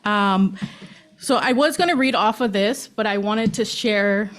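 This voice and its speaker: A woman stands up at a school board meeting to honor one of her students. She speaks unscripted and a little nervously, pausing on many ums, and her voice is mid-pitched and ordinary. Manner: halting, with many ums, gets emotional. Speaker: school staff presenting a student award. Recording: public meeting room.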